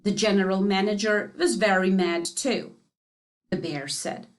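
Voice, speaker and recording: A woman teacher reading a story aloud for a lesson, clearly paced and expressive. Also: medium pitch, a little slow. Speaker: English teacher.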